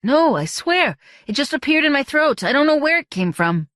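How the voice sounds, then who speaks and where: A flustered teenage girl answers in quick, raised bursts, protesting she doesn't know what is happening, as a woman reads her in a storybook. Her voice is dry and close. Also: high-pitched, big pitch swings, fairly bright tone, no room sound, pitched above the performer's own voice. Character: bold teenage girl, bewildered.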